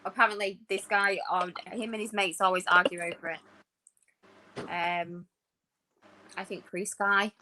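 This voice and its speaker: A woman with a softened Northeast English accent, chatting as a podcast co-host in an animated, storytelling way. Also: mid-range voice, measured pace, long pauses, background noise. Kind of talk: casual chat.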